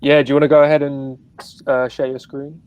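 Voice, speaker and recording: A man hosting an online startup pitch session, giving relaxed, brief prompts over a video call. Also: fairly quick, lo-fi sound, slight background noise. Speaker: pitch event host.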